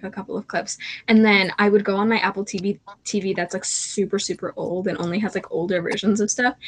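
A young woman co-hosting a casual podcast, rambling through animated retellings full of restarts. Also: medium pitch, no room sound, low-quality recording. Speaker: podcast co-host. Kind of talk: casual chat. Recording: faint background noise.

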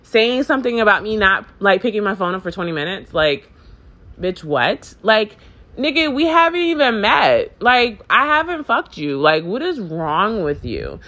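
A woman's voice: medium pitch, normal speed, dull audio. A woman telling a rambling, profanity-laced storytime in a casual chat, acting out both sides of the conversation. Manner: profane, rambling, filler-heavy; animated, acts out both sides.

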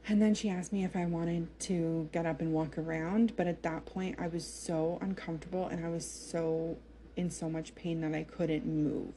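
Young woman, chatty personal storyteller, dark mellow tone, faint room noise underneath. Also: fairly low pitch, level tone, normal speed. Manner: chatty, filler-heavy, emotional retelling. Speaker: mother telling her birth story.

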